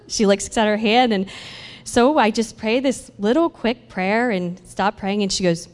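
A woman sharing a personal faith testimony in an animated storytelling way, acting out the conversations she describes. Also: medium pitch, brisk. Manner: animated storytelling that acts out dialogue, with laughs. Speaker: church speaker sharing a testimony. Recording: long hall reverb.

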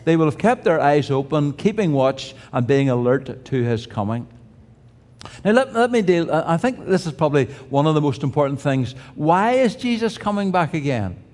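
A man's voice: fairly high pitch, big pitch swings, moderate pace, a little mellow. An older man preaching a sermon in a conversational way, with restarts and humorous asides. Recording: reverberant hall.

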